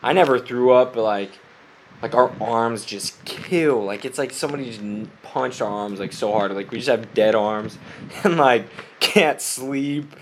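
A man's voice: mid-range voice, a little slow, slight background noise. A young man, a missionary, giving a casual spoken update to his family, rambling with many "like"s and frequent laughs, his voice slightly stuffy from a cold. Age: young adult. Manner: rambling, heavy use of "like", laughs often.

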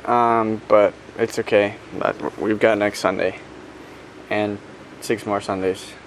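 A man's voice: on the low side, flat delivery, slow pace, a little hiss or hum. Young man in his twenties, missionary, chatty and upbeat, full of fillers. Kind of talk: casual video update.

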